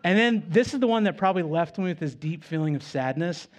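A man's voice: fairly high pitch, animated, fast. A male pastor preaching a sermon in a conversational way with self-deprecating humor.

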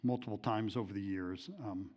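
A man's voice: lowish voice, steady tone, moderate pace, darkish tone. A middle-aged man teaching a Bible lesson, telling a personal story in a conversational way with many fillers and restarts, at times emotional.

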